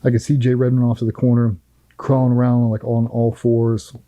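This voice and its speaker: A middle-aged man tells a firsthand war story in a blunt, profane, vivid way. His voice is very dark and mellow, and it sounds dry and close, with almost no room around it. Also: medium pitch, completely flat delivery, a little fast, no room sound, highs cut off. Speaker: former Navy SEAL guest.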